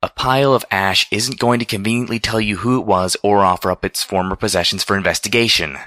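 A man's voice: fairly low pitch, steady tone, brisk, no echo, studio quality. A man reading a storybook voices a brash, blunt female pegasus pony who barks clipped orders. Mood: exasperated. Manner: shouted, clipped commands.

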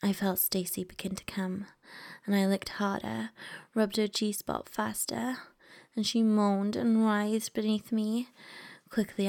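A woman reading a first-person story aloud in a soft, intimate whisper. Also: medium pitch, gravelly.

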